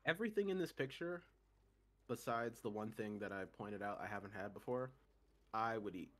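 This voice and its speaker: A man streaming live, chatting casually, animated, laughing often and poking fun at himself. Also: lowish voice, normal speed.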